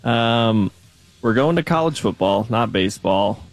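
A man working as video producer on a sports talk show, explaining a trivia game in a relaxed, matter-of-fact way. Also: fairly low pitch, a little slow, dry recording, faint music behind. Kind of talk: casual sports talk radio.

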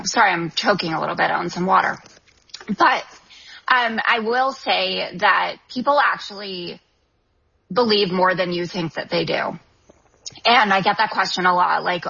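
A woman in her thirties speaks as a political commentator, assertive and articulate, with a bright, forceful edge to a slightly husky voice. Her pitch sits a little low for a woman. The broadcast sound is dull and lo-fi. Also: a little slow. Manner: articulate and assertive, frequent "um" fillers. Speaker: guest author and TV political commentator. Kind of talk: call-in interview answers.

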